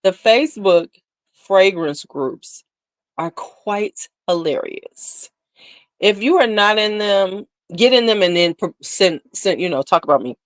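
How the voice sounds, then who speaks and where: A woman's voice: medium pitch, lively intonation, unhurried, no room sound. A woman hosting a casual beauty livestream, chatting candidly and sassily with viewers, laughing often. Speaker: beauty channel host.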